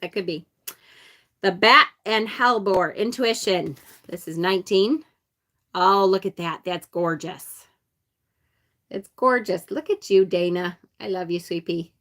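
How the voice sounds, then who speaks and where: Speaking a little slowly with frequent pauses, this woman has a medium-pitched, slightly bright voice and an upstate New York accent. She hosts a casual tarot stream unboxing a card deck, chatting and laughing with viewers and reading their comments aloud.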